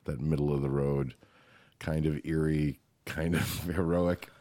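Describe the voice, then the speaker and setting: Deep-voiced man, coaxing. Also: fairly even intonation, takes it slowly, mellow, no echo. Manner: soothing, coaxing, laughs often. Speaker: podcast co-host. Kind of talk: casual improv comedy chat.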